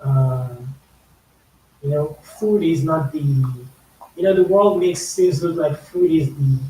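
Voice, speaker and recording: On a YouTube music reaction channel, a man with a Nigerian accent talks through a song's lyrics and slang in casual commentary, repeating phrases to stress them. His voice sits on the high side and sounds mellow. The room is echoey, the mic is a little far off, and there's a faint hiss.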